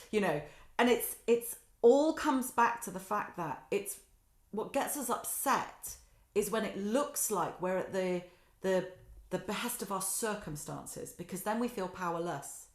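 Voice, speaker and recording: With a fairly low voice, lively intonation and a moderate pace, a middle-aged woman chats as a guest in a reflective, animated way. She often acts out quotes and laughs at herself, and the audio carries a roomy echo.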